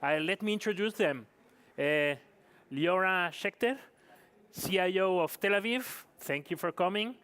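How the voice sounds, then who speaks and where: Male stage host for a live competition, a bit high-pitched, casual and self-correcting. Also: a little slow, a bit bright, clear, resonant tone. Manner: chatty, apologetic, non-native phrasing. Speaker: event host. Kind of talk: live event hosting. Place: conference stage.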